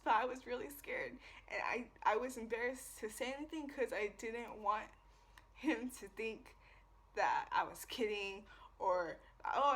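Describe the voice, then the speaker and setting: Young woman vlogger, fairly high voice, rambling casual storytime full of swearing and fillers. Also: fairly bright tone. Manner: rambling, profane, lots of fillers. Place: away from home.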